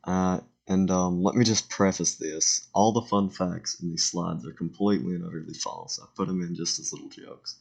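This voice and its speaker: A teenage boy giving a casual slideshow voiceover for a school presentation, halting and self-correcting, with joking asides. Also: low voice, steady tone, gravelly. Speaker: student presenter.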